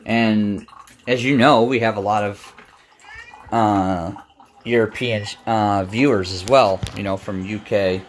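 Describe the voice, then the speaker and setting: Slow-talking low-voiced male streamer. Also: steady tone, slight background noise. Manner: chatty, talks back to his cat. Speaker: game streamer. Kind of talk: casual live-stream chat.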